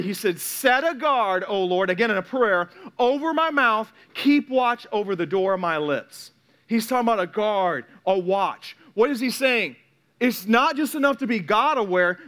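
A man preaching with a notably high voice for a man. He talks to the congregation casually and animatedly, slipping into acted-out voices as he goes. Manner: animated, conversational, acts out quotes. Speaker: pastor. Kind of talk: sermon.

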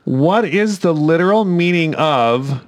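A man's voice: a little high, expressive, slow pace. Giggly man reading out listener emails. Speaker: podcast co-host.

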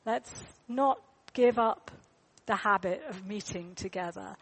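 A woman's voice: medium pitch, measured pace, gravelly, husky. A woman, telling a story in a sermon in a chatty way, with fillers and repeated words. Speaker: preacher.

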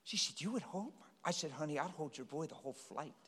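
A middle-aged pastor preaches to a congregation in a church hall, telling stories and pleading with his listeners in an animated way. His voice is a little high and his pace quick. A long hall reverb trails behind every word.

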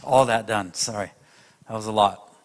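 A man's voice: on the low side, moderate pace, big-room sound. A man preaching a sermon, emphatic and speaking straight to his audience. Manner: emphatic, addresses the audience directly.

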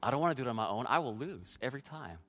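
A man's voice: mid-range voice, animated, rapid-fire, fairly bright tone. A man preaching a sermon as pastor, sharing his own testimony in an earnest way and speaking directly to the congregation.

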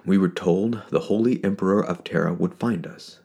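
A devout old village priest, put on by a man speaks in a low, gravelly voice that trembles and catches with feeling. The voice stays deep and rough, with a shaky, choked-up delivery. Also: moderate pace, warm tone. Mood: tearful awe. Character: older male village priest, devout and emotional.

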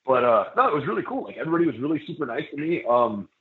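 A man on a casual podcast telling a laid-back story, wandering through fillers and restarts. His voice sits at a middle pitch. It sounds echoey and squeezed thin, as if coming over a phone line. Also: sing-song, racing. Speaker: professional wrestler guest.

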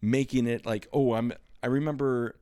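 This podcast host speaks in a mid-range voice at normal speed, his tone clean and the studio sound free of echo. He runs a casual comedy show, telling stories full of swearing and performing the characters' voices with lots of animation.

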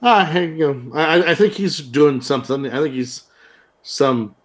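A man's voice: medium pitch, normal speed. A young adult man co-hosting a podcast, joking around in casual chat. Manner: animated, jokey. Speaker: podcast co-host.

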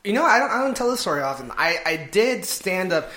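A comedian chatting as a guest, excitable and loose, with frequent laughs, swearing and restarts. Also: male voice, sits high, brisk. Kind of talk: casual chat.

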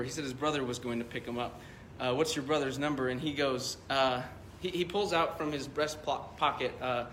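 A man's voice: medium pitch, a bit bright, roomy sound, slight background noise. A male pastor preaching a sermon, telling a story in a loose, conversational way with many fillers.

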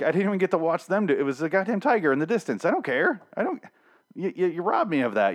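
Man ranting sarcastically about a show. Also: a little high. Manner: sarcastic, profane, exasperated ranting. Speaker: TV episode reviewer. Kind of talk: casual ranting review.

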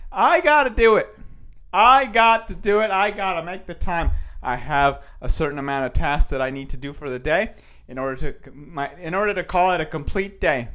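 Animated high-voiced man giving himself a pep talk. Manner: animated and self-motivating, with repeated catchphrases. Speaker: podcast host and stand-up comedian. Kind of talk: casual solo podcast monologue.

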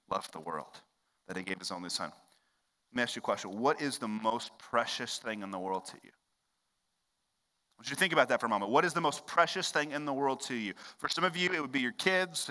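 A man preaching a sermon as pastor, swinging between loud, emphatic stretches and hushed, quiet ones. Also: medium pitch. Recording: long hall reverb.

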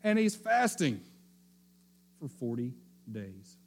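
A male pastor giving a sermon, telling the story with animated, repeated phrases and frequent restarts. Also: mid-range voice, slow pace, a little hiss or hum.

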